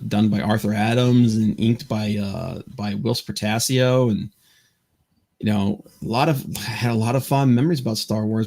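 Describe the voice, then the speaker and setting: A man hosting a podcast in casual chat, rambling and stammering through lots of fillers. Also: mid-range voice. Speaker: podcast host.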